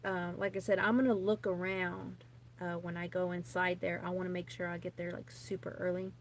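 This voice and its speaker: A woman's voice: on the low side, level tone, fairly quick, slight background noise. A woman in her thirties, a vlogger, rambling chattily and nervously to camera with many fillers and restarts. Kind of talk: casual rambling chat to camera.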